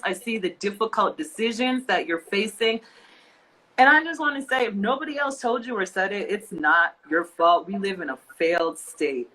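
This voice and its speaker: Bright-voiced impassioned woman co-host. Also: medium pitch, rough recording. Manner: impassioned, repeats phrases for emphasis. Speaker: podcast co-host. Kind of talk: emotional casual chat.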